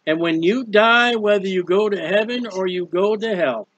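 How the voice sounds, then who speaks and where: Earnest high-voiced preacher, dull dry recording. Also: male voice, moderate pace, a bit bright, no room sound. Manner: earnest, pleading, repetitive phrasing. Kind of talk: sermon-style hymn commentary.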